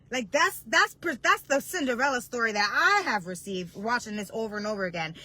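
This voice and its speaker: A woman preaching with deep emotion, telling a story that builds toward heartfelt cries. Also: expressive, fairly quick, few pauses, sharp tone, poor audio. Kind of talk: impassioned devotional preaching.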